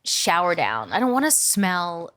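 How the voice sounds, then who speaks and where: A woman's voice: on the low side, very animated, unhurried, fairly bright tone. A woman in her thirties co-hosting a podcast, talking frankly and giggling, sometimes acting out other people's voices. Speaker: podcast co-host. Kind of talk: casual podcast chat.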